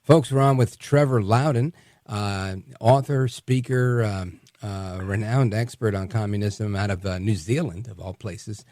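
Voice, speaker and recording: A man hosting a talk radio show, introducing his guest with a halting delivery full of fillers. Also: lowish voice, darkish tone, no room sound, studio quality.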